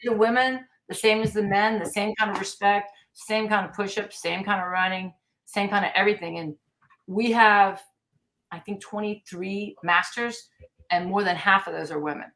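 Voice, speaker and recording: A woman's voice: mid-range voice, moderate pace. A middle-aged American woman, a taekwondo master and podcast guest, telling stories with energy and acting out the lines of people she quotes. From United States. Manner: lively storyteller, acts out quoted lines. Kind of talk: storytelling in a podcast interview.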